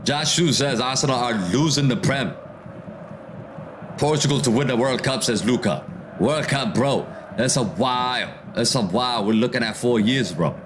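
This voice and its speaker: A man hosting a football watchalong stream, reading viewer comments aloud and reacting to the match in a relaxed, slangy way. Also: mid-range voice, moderate pace, background noise. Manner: reads viewer comments aloud and answers them, calls out match action, slangy "bro". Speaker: livestream host reading chat during a football watchalong. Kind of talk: casual live commentary and chat reading.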